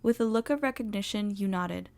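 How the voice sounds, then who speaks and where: A woman narrating fan fiction in an expressive, animated reading voice. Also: medium pitch, a little fast, vocal fry. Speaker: story reader.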